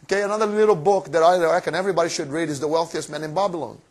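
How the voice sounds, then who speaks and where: Man, high-pitched voice, energetic seminar presenter, cheeky, rhetorical questions, live audience room. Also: racing. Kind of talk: motivational finance seminar talk.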